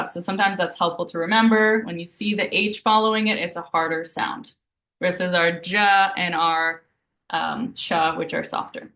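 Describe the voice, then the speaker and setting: A woman teaching a live beginner Italian lesson, patiently explaining each rule and slowly repeating example words. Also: mid-range voice, fairly bright tone. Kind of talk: live online language lesson. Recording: roomy echo.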